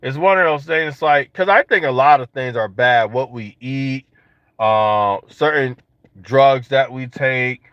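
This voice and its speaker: A young man casually joking and riffing to his viewers in a vlog, slangy and animated. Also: medium pitch, measured pace, clean tone, no room sound. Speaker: vlogger. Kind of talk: casual monologue to camera. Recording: dull lo-fi sound.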